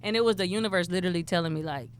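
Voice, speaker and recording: A woman's voice: lowish voice, racing, a little hiss or hum. A woman from Houston, a guest telling stories casually in an interview and acting out the voices of people she quotes. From Houston, Texas. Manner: animated, acts out quoted voices. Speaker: guest, rapper and poet.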